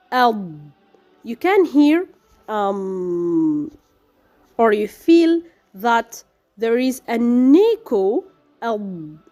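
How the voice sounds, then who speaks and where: A woman with a fairly high, lively voice teaches letter sounds slowly as a tajweed teacher. In this recorded lesson on letter pronunciation, she hesitates often, with many fillers and restarts as she sounds out the letters.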